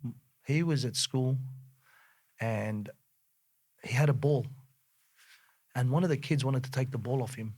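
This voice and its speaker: A middle-aged man with an Australian accent, telling a personal story as a guest, earnest and more animated when he recounts scenes. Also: medium pitch, measured pace, pauses often.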